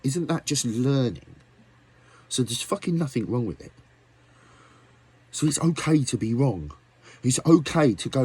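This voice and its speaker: A man's voice: mid-range voice, expressive, unhurried, a little mellow, slightly rough. A man ranting angrily at his viewers, swearing often and firing off rhetorical questions. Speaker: musician vlogger. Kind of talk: angry rant to camera.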